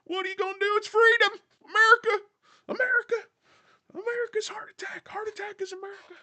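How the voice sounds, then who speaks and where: A man putting on a loud, gluttonous, junk-food-loving American man who shrieks and rants. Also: steady tone, fast, exaggerated voice. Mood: shrill ranting. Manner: shrill, ranting, shouting.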